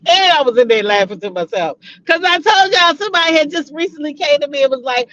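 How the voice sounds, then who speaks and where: A woman's voice: high voice, fast talker, few pauses, muffled recording. A woman hosting a casual gossip vlog, laughing a lot and cursing freely as she talks. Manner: laughing, profane, excitable. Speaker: host.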